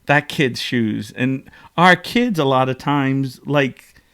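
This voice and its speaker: A man's voice: medium pitch, expressive, slow, a bit bright, clean tone. A man hosting a podcast, telling stories in an emotional, rambling casual chat. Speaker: podcast host.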